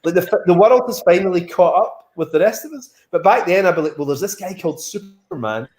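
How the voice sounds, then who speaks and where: Scottish male guest, rapid and eager, high-pitched, echoey room. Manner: excited, quick and enthusiastic. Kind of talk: casual video-call interview.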